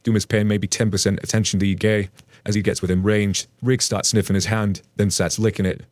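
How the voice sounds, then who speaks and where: A man's voice: on the low side, level tone, a little fast, a little mellow, no echo. A man casually narrating online stories, chatting directly to his listeners. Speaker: story narrator.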